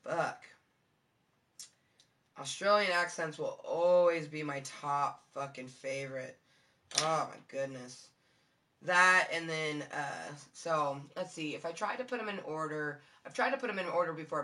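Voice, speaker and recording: Woman streamer, low-toned, bright and forceful, loose, swears a lot, giggly casual chat with viewers. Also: measured pace. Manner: rambling, profane, giggly, many fillers. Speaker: live streamer.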